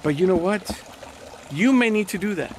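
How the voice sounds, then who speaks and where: A man's voice: high-pitched, expressive, moderate pace, a little hiss or hum. A man preaching a sermon as pastor, in a conversational style full of repetitions and rhetorical questions.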